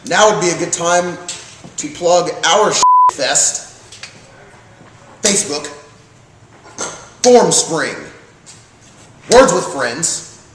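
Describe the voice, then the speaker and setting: A brash, profane man co-hosts a loose comedy chat, rambling through family stories. His voice sits a bit high and swings widely in pitch. The room is echoey, the mic distant, with a faint hiss behind. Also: expressive, extremely slow, pauses often. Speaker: co-host.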